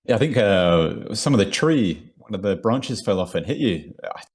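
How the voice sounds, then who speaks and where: A man's voice: fairly low pitch, very animated, normal speed, a little mellow, slightly rough. A man playing a tabletop game in a laid-back way. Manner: laid-back, laughs often. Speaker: player. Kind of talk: casual game chat.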